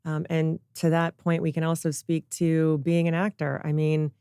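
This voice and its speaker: Warm, emphatic woman guest. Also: low voice, flat delivery, normal speed, clear, resonant tone, no echo, studio quality. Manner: emphatic, encouraging. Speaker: podcast guest, coach. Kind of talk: casual conversational chat.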